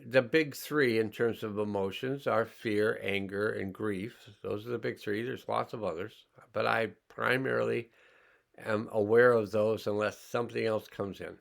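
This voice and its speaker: A man teaching a healing class, slowly and calmly talking listeners through sensing their body and emotions. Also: fairly low pitch, creaky. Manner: slow, calm, pausing, guiding listeners' awareness. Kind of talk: slow guided healing demonstration.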